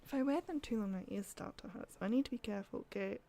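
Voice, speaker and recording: A woman's voice: mid-range voice, animated, rapid-fire, vocal fry, dark tone. A young Australian woman from South Australia, chatting casually on a livestream, laughing often and swearing offhand. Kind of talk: casual chat. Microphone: desk mic.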